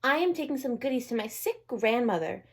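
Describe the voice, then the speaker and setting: A woman's voice: fairly high pitch, animated, a little fast, pitched above the performer's own voice. A woman voicing a young girl in a red hood in a storybook read-aloud, light and polite. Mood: innocent.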